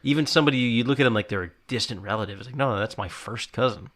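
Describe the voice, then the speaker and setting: A man in his thirties hosting a podcast, talking in a relaxed, reflective way. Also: medium pitch, very fast. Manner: relaxed, reflective, quotes himself. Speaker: podcast host. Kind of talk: casual chat.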